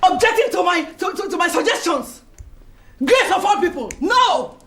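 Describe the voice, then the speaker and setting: A very high, swooping voice belonging to a haughty Nigerian club matriarch, shrieking and laughing with scorn. The room is echoey, with music underneath, like a Nollywood film. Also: female voice, sing-song, moderate pace, exaggerated voice. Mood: indignant. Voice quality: shrill, shouting, laughing scornfully. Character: Betty, proud furious club matriarch.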